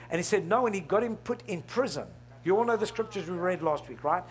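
A middle-aged pastor preaches with a husky, high-pitched voice. He keeps throwing questions out to the congregation and laughing with them as he goes. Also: fast talker, few pauses. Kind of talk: sermon.

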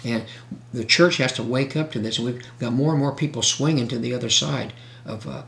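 A man preaching a sermon, reading scripture slowly and breaking in with questions and asides to his listeners. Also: medium pitch, vocal fry, fairly bright tone. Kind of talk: sermon, Bible teaching.

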